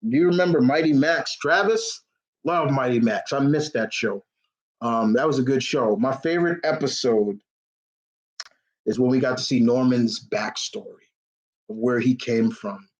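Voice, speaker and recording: A man hosting a live question-and-answer stream. He talks in a rambling, casual way with many restarts, and he gets openly emotional, close to tears. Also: mid-range voice. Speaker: host of a live Q&A. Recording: dull lo-fi stream audio.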